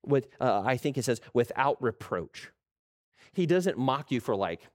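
A middle-aged man preaching a sermon, animated, acting out quoted voices and restarting his words. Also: medium pitch, measured pace. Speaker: pastor.

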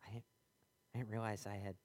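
A man's voice: on the low side, level tone, fast talker, darkish tone. A man preaching a sermon in a conversational way, with many fillers, acting out the voices in his stories.

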